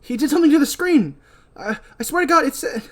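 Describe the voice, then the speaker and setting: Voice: medium pitch, very animated, takes it slowly, darkish tone, pitched above the performer's own voice. A podcast host voicing a jittery young woman from a slasher movie, in a raised, shaky and apologetic voice. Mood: panicked.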